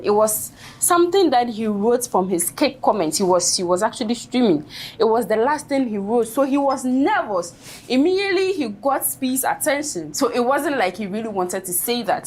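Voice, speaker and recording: A woman's voice: mid-range voice, a little hiss or hum. A woman in a played video clip, explaining step by step what happened between two people. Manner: recounting, explanatory.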